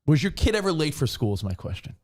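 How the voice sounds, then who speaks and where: Animated man telling a story. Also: fast, breathy edge. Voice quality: animated storyteller, acts out quotes in high voices. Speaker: radio show co-host. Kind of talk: casual banter.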